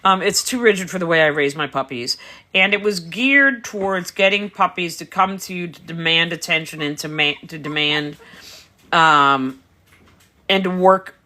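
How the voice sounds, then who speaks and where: A woman's voice: on the low side, normal speed, sharp tone. A middle-aged woman breeder chatting casually on a livestream beside her puppies, explaining her methods and answering viewer comments. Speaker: dog breeder. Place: home, beside a whelping box.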